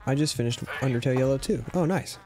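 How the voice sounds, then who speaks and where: A man's voice: medium pitch, quick pace, a little mellow, slight background noise. A young man chatting casually while livestreaming a game, telling stories and mimicking chat users. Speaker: streamer.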